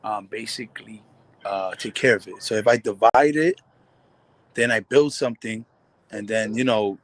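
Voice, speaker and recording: A man's voice: lowish voice, moderate pace, no echo. A man chatting casually as a panel guest over his phone, slangy, profane and laid-back. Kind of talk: casual chat. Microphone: phone on a call.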